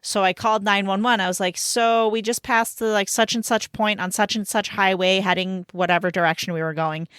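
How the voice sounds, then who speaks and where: A woman in her thirties co-hosting a casual podcast, an animated storyteller who laughs mid-sentence. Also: mid-range voice, brisk, few pauses, clean tone, dry recording, studio quality. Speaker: podcast co-host. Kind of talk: casual chat.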